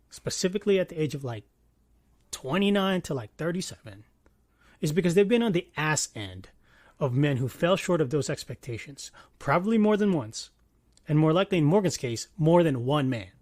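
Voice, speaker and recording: A man in his thirties giving a casual commentary monologue, animated, swinging between loud bursts and quiet asides and swearing freely. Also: on the high side, normal speed, no echo, clean studio sound. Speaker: commentary vlogger.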